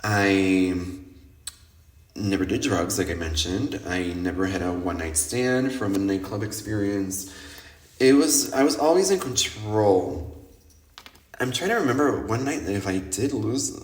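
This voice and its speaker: A man hosting a podcast, telling nightlife stories in a lively, casual monologue that is full of swearing, and acting out what other people said. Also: on the low side, a little slow. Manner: animated, swears freely, acts out quoted people. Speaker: podcast host. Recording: roomy echo.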